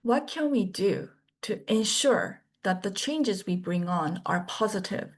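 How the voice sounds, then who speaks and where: A woman course instructor giving a scripted orientation lecture in a measured, deliberate way, pausing between the items of each list. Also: mid-range voice, animated.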